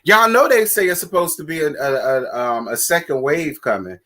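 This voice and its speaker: A man hosting a casual live stream who chats with his viewers in a sassy, blunt and profane way, giving shout-outs and calling for likes. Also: fairly high pitch, lively intonation, normal speed.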